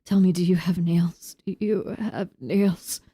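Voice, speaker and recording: Woman putting on a croaky whisper, creepy man behind a door, slow, unsettling, dry close sound. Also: lowish voice, steady tone, warm tone, no echo. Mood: eerie whisper. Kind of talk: game dialogue read-aloud.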